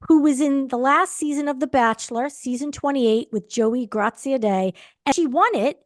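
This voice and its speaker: A woman co-hosting a recap podcast, chatting casually and gushing excitedly. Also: sits high, normal speed. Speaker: podcast co-host.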